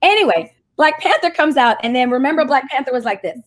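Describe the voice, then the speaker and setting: High-voiced animated woman telling a story. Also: quick pace. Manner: animated, acts out quoted voices. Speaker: marketing agency CEO, guest. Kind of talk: casual interview storytelling.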